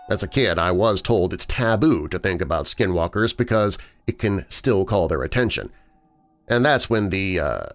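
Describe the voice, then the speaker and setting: A man narrating a scripted horror story in a lively, swooping delivery. His voice sits in a middle register and tells the tale dramatically. Faint music plays underneath. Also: lowish voice. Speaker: podcast host and narrator. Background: faint background music.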